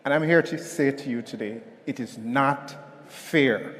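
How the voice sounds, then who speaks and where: A man's voice: mid-range voice, measured pace, long reverb tail, a little hiss or hum. A man giving a motivational keynote at a conference, telling a story and calling on the audience to respond. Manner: animated, storytelling, calls on the audience. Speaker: keynote speaker. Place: hotel conference hall.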